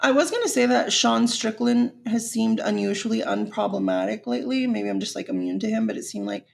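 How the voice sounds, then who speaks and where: Brief: young woman podcast host, gossipy casual monologue, lots of vocal fry. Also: on the high side, big pitch swings, a little fast. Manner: chatty, gossipy, swears freely.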